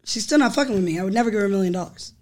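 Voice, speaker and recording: Brash fast-talking woman guest. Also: mid-range voice, expressive, a little mellow. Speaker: reality TV star and producer guest. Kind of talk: casual banter interview.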